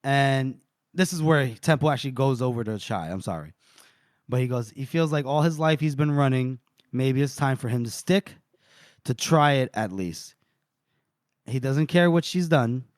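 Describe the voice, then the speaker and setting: A man's voice: mid-range voice, normal speed, no echo, studio quality. A man co-hosting a podcast who recaps a novel in casual talk, reading out and acting the quotes with relish. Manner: animated retelling, reading out and voicing quotes. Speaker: podcast co-host. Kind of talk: casual book-recap chat.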